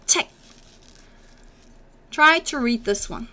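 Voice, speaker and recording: A woman's voice: fairly high pitch, animated, slow, sharp tone. A young woman teaching a live online Korean class, repeating each sound over and over and cheering on viewers as she reads their comments. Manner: drills sounds by repeating them many times; encouraging, reads chat comments aloud. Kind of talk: live-streamed language lesson.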